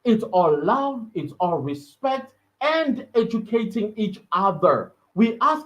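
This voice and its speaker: A man's voice: high-pitched, lively intonation, normal speed, few pauses. A South African man hosting a podcast, giving an earnest, emphatic solo commentary that repeats words for stress. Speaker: podcast host. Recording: slightly dull lo-fi audio.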